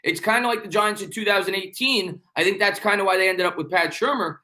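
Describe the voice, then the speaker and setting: A man's voice: high voice, pushed and bright. A young man with a New York accent hosting a sports live stream, reading viewer comments in a rambling, joking, repetitive way. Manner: fast, rambling, repeats himself, joking banter.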